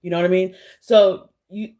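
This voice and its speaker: A woman's voice: on the low side, fairly even intonation, normal speed, warm tone. A woman vlogger speaking in a heated, blunt, sarcastic monologue. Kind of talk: casual monologue to camera.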